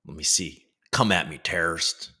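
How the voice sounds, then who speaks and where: A swaggering macho tough guy, put on by a man in a boastful mock accent, pitched low. The bravado is played for laughs over a casual stream. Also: moderate pace, sharp tone, full character voice.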